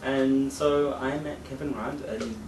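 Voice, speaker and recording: A man co-hosting a casual radio-style podcast, telling stories in a chatty, animated way. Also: medium pitch, a little slow. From Australia. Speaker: podcast co-host. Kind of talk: casual radio-show chat. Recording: roomy sound, far from mic, faint hiss.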